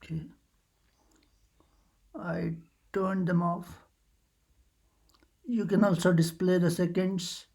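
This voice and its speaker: This voice is mid-range, gravelly and darkish, with little pitch movement, a slow pace and frequent pauses. Its owner, a tutorial host, hesitantly walks through computer settings in a casual screen recording, restarting often and saying "uh" a lot.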